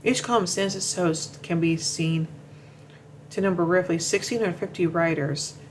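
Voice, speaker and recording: A show commentator reads narration from notes at normal speed and medium pitch, frequently stumbling, repeating words, and restarting sentences. The recording is rough, with slight background noise.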